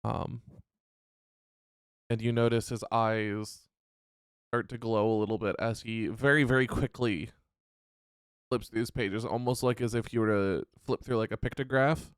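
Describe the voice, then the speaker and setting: A man's voice: on the low side, fairly even intonation, measured pace, long pauses, clean tone, dry recording, studio quality. A man narrating a tabletop role-playing game as game master, describing scenes in a hesitant, descriptive way with frequent restarts.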